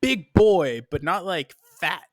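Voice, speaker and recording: A man from the Boston area co-hosting a wrestling podcast in casual chat, joking and swearing with quick riffs. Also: sits high, expressive, dry recording, clean studio sound. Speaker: podcast co-host.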